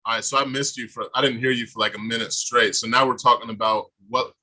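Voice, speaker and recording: Podcast host guy, bright edgy voice, blunt and sweary. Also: mid-range voice, fairly even intonation, fast talker. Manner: profane, blunt reactions. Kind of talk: casual podcast chat.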